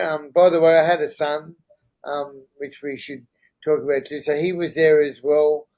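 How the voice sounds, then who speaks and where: A middle-aged man speaks as a podcast guest, his voice sitting a bit higher than most men's. He tells his story in a candid, earnest way, and he often pauses to check in with the listener. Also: steady tone, a little mellow, rough recording. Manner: earnest, checks in with "right?" and "you know?".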